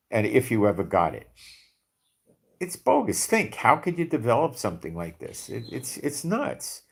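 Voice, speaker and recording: Blunt, skeptical deep-voiced man. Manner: blunt, skeptical, rhetorical questions; repeats for emphasis with frequent "okay?". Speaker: video commentator. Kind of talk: casual monologue to camera.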